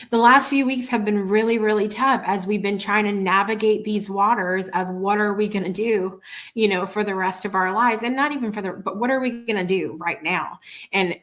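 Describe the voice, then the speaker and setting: A chatty woman hosts a live show, telling little stories in a relaxed, heartfelt way. She often trips over her words and starts again, keeping her tone earnest and conversational. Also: mid-range voice. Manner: chatty, warm, earnest, with many restarts. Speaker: show host. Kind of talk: casual storytelling on a live show.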